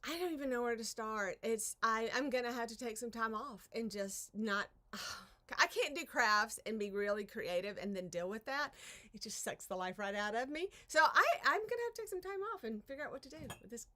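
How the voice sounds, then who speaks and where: A woman's voice: on the high side, expressive, brisk, pushed and bright. A woman hosting a casual craft live stream from her home art studio, chatting in a rambling way, interrupting herself and sighing over her troubles. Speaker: craft channel host.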